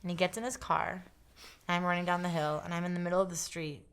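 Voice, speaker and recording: A young woman giving a documentary interview, speaking haltingly and quietly, often sinking toward a whisper. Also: lowish voice, level tone, clear, resonant tone.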